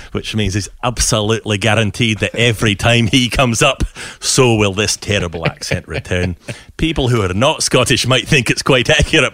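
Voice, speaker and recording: A man's voice: lowish voice, fairly bright tone, dry recording. A man co-hosting a cricket podcast, chatty and rambling as he runs through stats, laughing often. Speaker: co-host, cricket stats presenter. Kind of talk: casual podcast chat.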